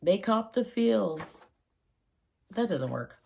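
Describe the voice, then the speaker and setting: A woman vlogging casually about slang, playful and rambling, with jokey asides and quick tangents. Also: mid-range voice, big pitch swings, vocal fry, darkish tone, breathy edge. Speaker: vlogger explaining old slang. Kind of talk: casual chat.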